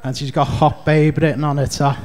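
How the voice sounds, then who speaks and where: A man's voice: a little high, little pitch movement, a little fast, a little mellow, slight background noise. A man with a Scouse accent doing a rambling, chatty stand-up comedy set on a club stage. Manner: rambling, chatty, heavy on fillers.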